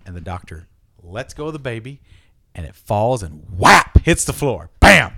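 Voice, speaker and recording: A man co-hosting a casual comedy talk, telling a long joke in an animated way. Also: mid-range voice, moderate pace, creaky, heavy background noise. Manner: lively, animated joke-teller, drops to a hush for effect. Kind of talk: storytelling a dark joke, casual banter.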